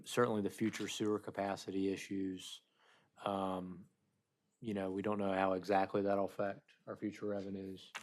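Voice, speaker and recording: Low flat-voiced town manager. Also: male voice. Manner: unscripted with fillers and restarts. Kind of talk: council meeting report.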